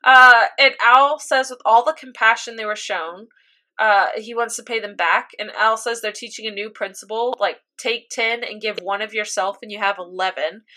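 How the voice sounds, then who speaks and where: A young woman in casual chat, animatedly retelling a story, jumping into high squeals and laughing as she voices characters. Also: fairly even intonation, normal speed, bright, forceful tone. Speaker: podcast co-host recapping an anime.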